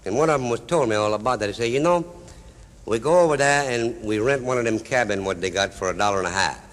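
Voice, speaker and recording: A man's voice: mid-range voice, quick pace, long reverb tail. A man with a Cajun accent telling comic dialect stories to a live audience in a folksy drawl. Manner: folksy drawl, broken-English dialect tales. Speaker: storyteller. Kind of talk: live comedy storytelling.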